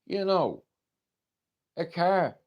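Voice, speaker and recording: Irish man voicing a blunt, foul-mouthed woman, pitched up and loud. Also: big pitch swings, drawn-out words, highs cut off, heavily acted. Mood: brash.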